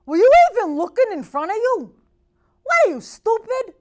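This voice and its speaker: A woman voicing a rude, angry male driver who shouts insults. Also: very high voice, big pitch swings, normal speed, voice pushed up. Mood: yelling. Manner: shouting, scornful.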